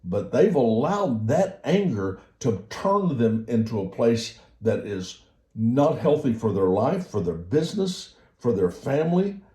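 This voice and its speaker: Man, motivational speaker, warm mellow voice, earnest delivery, echoey room. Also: mid-range voice, big pitch swings, unhurried. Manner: earnest, repeats words and restarts. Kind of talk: motivational talk.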